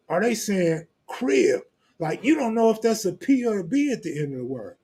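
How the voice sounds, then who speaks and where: A man's voice: high voice, big pitch swings, normal speed, mellow, slightly rough. A man hosting a live stream, reading viewer comments in blunt, profane, joking street talk. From Los Angeles, California. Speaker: host.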